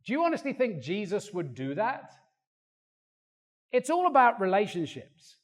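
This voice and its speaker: Older man, preacher, sermon, high voice, swooping animated delivery. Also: moderate pace. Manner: animated, acts out voices in quotes. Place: church hall. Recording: long reverb of a church hall.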